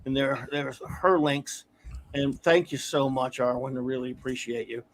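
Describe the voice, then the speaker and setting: A man's voice: mid-range voice, moderate pace. A man hosting a casual live stream, enthusiastic and a bit flustered, talking through a computer mic. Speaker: host.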